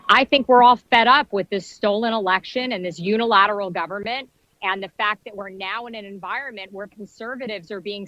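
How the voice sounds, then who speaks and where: A woman's voice: a little high, pushed and bright, no echo, low-quality recording. A woman organizing a rally, calling in live from outdoors and speaking in an indignant, rallying way. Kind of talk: live remote interview.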